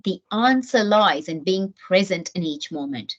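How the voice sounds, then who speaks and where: A middle-aged woman from New Zealand gives an earnest, animated parenting talk with frequent restarts. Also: lowish voice, unhurried. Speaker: parenting speaker. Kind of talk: motivational talk to camera. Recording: dull lo-fi sound.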